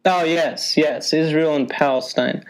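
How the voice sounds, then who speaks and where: A man's voice: on the high side, a little slow, rough recording. A young man hosting a casual podcast. He talks in a mock-serious, ironic way, often stumbling and breaking into laughter. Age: young adult. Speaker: podcast host.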